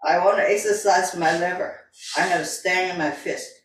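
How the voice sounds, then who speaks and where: A woman teaching a tai chi class, calmly repeating breathing cues in simple, broken grammar. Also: on the low side, moderate pace. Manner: calm, repetitive breathing cues, simple non-native grammar. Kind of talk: guiding an exercise class. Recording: echoey room, voice from a distance.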